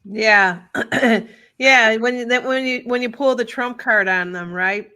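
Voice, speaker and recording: A woman hosting a casual interview, asking questions haltingly. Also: on the high side, pushed and bright. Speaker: host.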